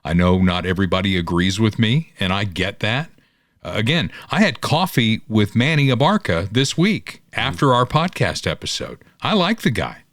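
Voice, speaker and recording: A man's voice: lowish voice, big pitch swings, moderate pace, fairly bright tone, no echo, studio quality. A middle-aged man hosting a podcast in a folksy, upbeat way, chatting and reading sponsor plugs like a salesman. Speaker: podcast host and local political candidate. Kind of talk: casual podcast talk with sponsor reads.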